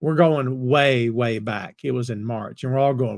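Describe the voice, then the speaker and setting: This wrestling podcast host from North Carolina speaks at normal speed with a medium-pitched voice. He keeps things casual, going through live comments and saying hello to viewers by name.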